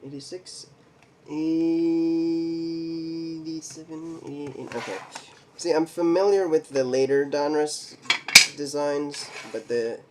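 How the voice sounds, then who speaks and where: A man hosting a card collecting video, slowly reading names off cards, stumbling over some and making little jokes to himself. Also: a little high, background noise. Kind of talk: casual mail day card showcase.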